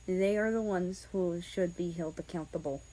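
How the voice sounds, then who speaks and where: A soft-spoken, protective young man, as a woman reads him, hushing and calming his partner with low, quiet reassurance. His voice sits low and stays gentle throughout the audiobook reading. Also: moderate pace, lightly acted, poor audio. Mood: soothing. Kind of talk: fan fiction audiobook reading.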